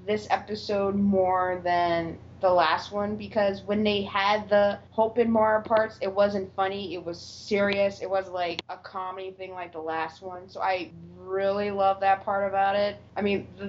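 A woman co-hosting a casual chat about a TV episode, acting out characters' lines and laughing often. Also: mid-range voice. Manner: animated, acts out quoted lines, laughs often. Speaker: podcast co-host. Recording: dull lo-fi sound with faint noise.

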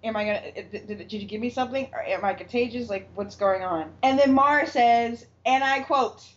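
The podcast co-host, her voice brisk and fairly high, chats casually through a TV episode. Laughter comes often as she plays out what the characters said, all on a muffled, lo-fi recording.

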